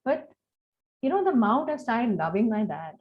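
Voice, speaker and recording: A woman in her forties with an Indian English accent, chatting warmly and emotionally, telling personal stories with many fillers. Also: on the high side, normal speed, highs cut off. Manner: emotional, animated, warm storytelling with many fillers. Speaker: host. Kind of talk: casual heartfelt chat.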